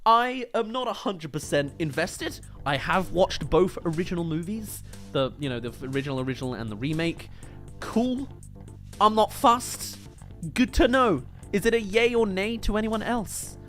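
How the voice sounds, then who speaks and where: A man's voice: high voice, lively intonation, normal speed, fairly bright tone, faint music behind. A British man hosting a movie review livestream, chatting casually and joking as he answers viewer comments.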